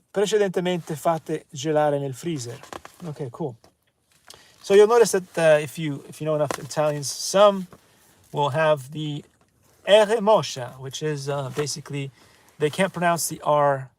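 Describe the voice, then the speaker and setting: A man hosting a comedy channel, reading cocktail recipes aloud in a casual, halting way, with fillers, self-corrections and slow sounding-out of foreign words. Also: fairly high pitch. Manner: slows to sound out Italian words.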